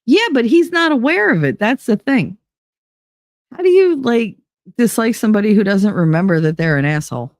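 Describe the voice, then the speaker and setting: Stream host, lively swinging pitch, dry close sound, sarcastic chat. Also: moderate pace, dry recording. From United Kingdom. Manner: animated, chatty, sarcastic asides. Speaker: livestream podcast host. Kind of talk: casual chat reading live comments.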